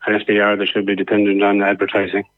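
An Irish man phones in to a radio show, earnest and hesitant, pausing often as he argues his point. His voice is low and squeezed through a tinny phone line. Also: monotone. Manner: earnest, hesitant with many ums. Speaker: radio caller. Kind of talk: phone-in opinion.

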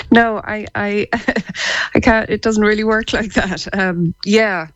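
A woman's voice: medium pitch, steady tone, measured pace, no echo, dull audio. An Irish woman, a psychotherapist and laughter therapist, explaining her work as a guest on a radio show, laughing easily. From Ireland. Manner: warm, laughing, explains eagerly. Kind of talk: radio interview.

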